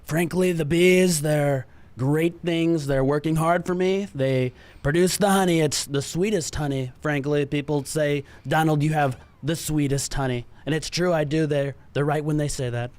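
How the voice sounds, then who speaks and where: A man doing a comic impression of a boastful older male politician, speaking in a slow, drawn-out cadence. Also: on the high side, steady tone, a little mellow, no echo, natural voice.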